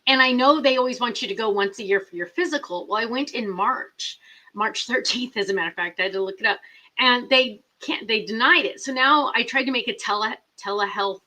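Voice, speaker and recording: Bright, chatty middle-aged woman. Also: on the high side, brisk, poor audio. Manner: chatty, rambling, reads viewer comments aloud. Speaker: host. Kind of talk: casual live chat.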